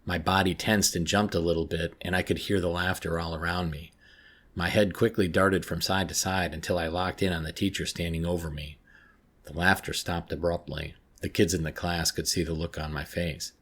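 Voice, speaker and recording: A man narrating a first-person horror story in a measured, tense way. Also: low-pitched, flat delivery, fairly bright tone, husky.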